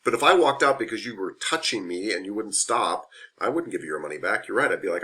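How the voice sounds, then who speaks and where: Bright-voiced man teaching a class. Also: on the low side, expressive, fast. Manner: frank, conversational, repeats key points. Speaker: massage therapy instructor. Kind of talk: classroom lecture.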